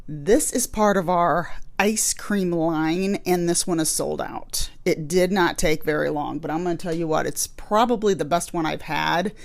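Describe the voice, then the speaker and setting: A woman's voice: fairly low pitch, unhurried, creaky, few pauses. A woman hosting a true crime podcast, chatting casually and rambling a bit, a little out of breath. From Illinois, USA. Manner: chatty, rambling, laughs easily. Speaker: podcast host. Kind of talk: casual chat. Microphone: studio microphone.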